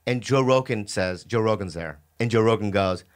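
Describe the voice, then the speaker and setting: A comedian telling casual, profane stories on a podcast, acting out quotes of others. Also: male voice, lowish voice, moderate pace, no echo, clean studio sound. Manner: animated, profane, acts out quotes.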